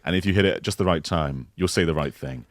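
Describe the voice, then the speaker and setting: A man co-hosting a podcast, playfully improvising a mock game pitch in casual chat. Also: no room sound, studio quality. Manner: playful, joking improv pitch with quick voice switches.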